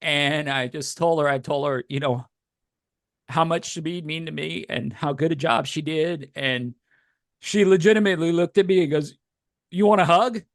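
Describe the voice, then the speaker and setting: A man's voice: a little high, normal speed, dry recording, studio quality. A middle-aged man co-hosting a podcast, telling a rambling story in casual chat and getting emotional as he goes. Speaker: podcast co-host.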